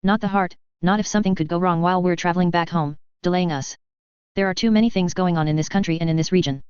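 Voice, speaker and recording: A woman reading the part of a cautious, sensible young woman in a storybook, measured and objecting. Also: fairly low pitch, darkish tone, clear, resonant tone, dry recording, close to an everyday voice. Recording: slightly dull lo-fi.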